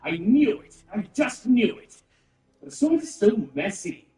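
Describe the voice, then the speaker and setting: A fussy, chatty male aristocrat in a video game, gushing and rambling with theatrical flair. His high, lively voice has a mellow tone, and it sounds roomy and distant over game music. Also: measured pace.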